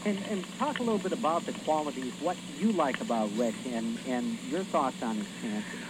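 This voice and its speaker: A man, a radio station reporter, slowly and hesitantly putting questions to a lawmaker. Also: medium pitch. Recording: loud hiss on the line.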